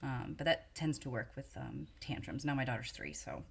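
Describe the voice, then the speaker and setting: Low-voiced chatty mom co-host. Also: female voice, big pitch swings, moderate pace, gravelly, slightly rough. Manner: chatty, hedging, many fillers. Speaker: podcast co-host, mother. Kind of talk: casual advice chat.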